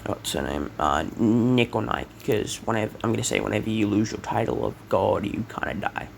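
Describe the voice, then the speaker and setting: A young man casually retelling an invented fan story, rambling with many fillers and self-corrections, coughing and clearing his throat now and then. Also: fairly low pitch, expressive, fairly quick, slight background noise.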